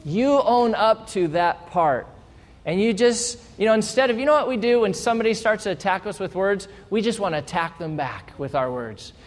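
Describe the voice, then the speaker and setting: A man preaching a sermon as a pastor, lively and playful, acting out little exchanges to make his points. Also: high voice, moderate pace. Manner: animated, playful, acts out little quoted exchanges. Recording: hall reverb.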